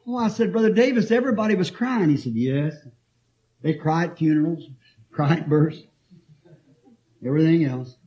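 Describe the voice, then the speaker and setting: Animated high-voiced preacher on old tape. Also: male voice, normal speed, pauses often, dull audio. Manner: animated, emphatic, often laughing while telling stories. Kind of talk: sermon.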